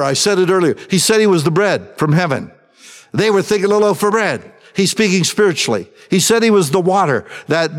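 A man preaching a sermon, talking in a conversational way and dropping in quick asides. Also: high voice. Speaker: pastor.

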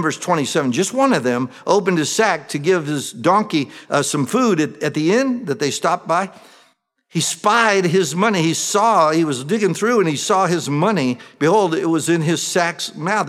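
A man preaching a sermon, reading and explaining scripture in a conversational way that swings from emphatic to hushed. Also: fairly high pitch, animated, normal speed. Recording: long reverb of a large hall.

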